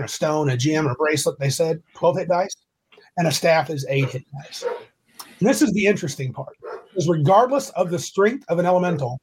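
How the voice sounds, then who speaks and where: Man, podcast host, casual game chat, rambling, slightly high voice, video call. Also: breathy edge. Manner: rambling, self-correcting, reads rules aloud.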